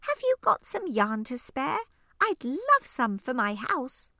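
A tiny mouse with a squeaky, high voice, as a woman reader puts it on. It asks sweetly and politely, bouncing up and down as it speaks. Read close to the mic in a dry studio. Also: wildly swooping pitch, slow pace, pushed and bright, no echo, full character voice. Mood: sweet, hopeful.

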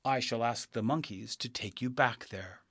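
A man voicing a kindly good witch in a storybook reading, soft and gracious. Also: mid-range voice, normal speed, breathy edge, dry recording, studio quality.

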